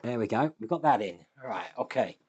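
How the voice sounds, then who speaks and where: A man chats his way through a fiddly model build at a workbench and talks to himself as he fits parts. His voice sits at a middle pitch, and he breaks in with small sighs and wry, self-deprecating asides. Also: expressive, brisk, darkish tone, husky, highs cut off. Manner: thinks aloud while working, self-deprecating, sighs and chuckles. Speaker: host, scale model builder. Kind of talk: casual build commentary.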